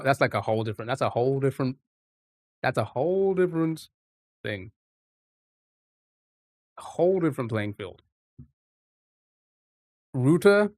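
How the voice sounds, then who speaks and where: A man's voice: mid-range voice, no room sound. Chatty English man streaming live. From England. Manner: chatty, rambling, reacting to chat. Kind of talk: casual live-stream chat.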